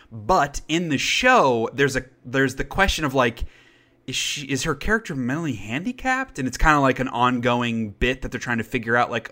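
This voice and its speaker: Chatty man with a bright voice. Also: mid-range voice. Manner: chatty, rambling, with frequent fillers and restarts. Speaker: podcast co-host. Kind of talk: casual chat reviewing movies.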